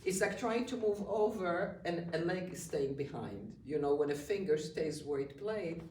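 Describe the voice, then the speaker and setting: A woman's voice: on the low side, lively intonation, normal speed, a little hiss or hum. A woman coaching a student at the piano, guiding him step by step and repeating short words of praise. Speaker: piano teacher. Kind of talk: hands-on music coaching. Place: room with a piano. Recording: roomy, distant mic, loud piano.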